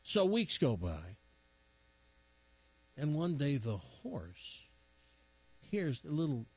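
A man's voice: on the high side, wildly swooping pitch, takes it slowly, darkish tone, slightly rough. Rambling male radio host telling a joke. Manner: rambling, self-mocking storyteller.

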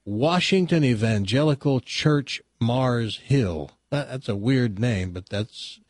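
A man hosting a radio talk show, chatting and telling a joke as an animated storyteller with indignant asides. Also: medium pitch, slow, no room sound, clean studio sound. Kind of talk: casual chat and joke telling. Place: radio studio.

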